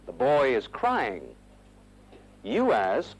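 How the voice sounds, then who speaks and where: Man narrating an old english lesson film, slow and careful, voice goes up and down a lot, says phrases for you to repeat. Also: medium pitch, big pitch swings, low-quality recording. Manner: slow, clearly modelled phrases for learners to repeat. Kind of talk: scripted instructional narration.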